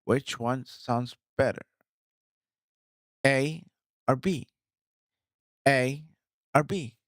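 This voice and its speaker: A man chatting in a casual vlog about his new microphone setup, excited, repeating himself and talking straight to viewers on a studio mic. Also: mid-range voice, very slow, no echo. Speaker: streamer reviewing his gear. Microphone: studio microphone, swapped between two.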